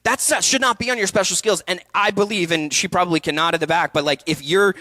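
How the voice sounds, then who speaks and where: A man in his thirties giving a passionate, animated talk to actors at a festival session. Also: sits high, dry recording. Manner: passionate, animated, quick bursts with laughs. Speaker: acting coach speaking at a festival session. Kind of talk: energetic workshop talk. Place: event hall before an audience.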